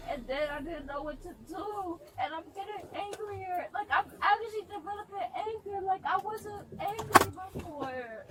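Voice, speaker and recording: A distraught woman pleads with police and keeps calling them "bro", crying and shouting in a very high voice. Her words come slowly. The sound is bodycam audio from a distance, with loud noise behind her. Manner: repeats herself, ends sentences with "bro". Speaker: woman being detained by police. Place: outdoors on a street by a police car.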